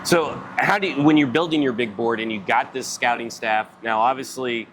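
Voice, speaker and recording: A man's voice: medium pitch, moderate pace, fairly bright tone. A man hosting a sports radio interview, giving each question a long, rambling wind-up. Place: live remote broadcast at a football event.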